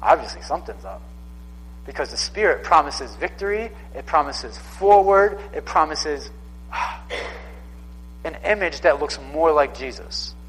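A man's voice: fairly high pitch, animated, a little slow, a bit bright, in a large hall, slight background noise, low-quality recording. A man in his thirties preaching a sermon in a casual, conversational way, often repeating himself for emphasis. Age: 30s. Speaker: pastor.

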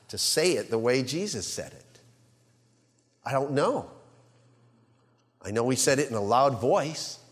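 A male pastor preaching a sermon, swinging between loud emphasis and hushed quiet and asking the congregation rhetorical questions. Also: fairly high pitch, long reverb tail.

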